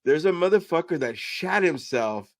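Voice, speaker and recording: A man's voice: a little high, lively intonation, normal speed. Profane joking man hosting a podcast. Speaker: podcast host. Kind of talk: casual banter.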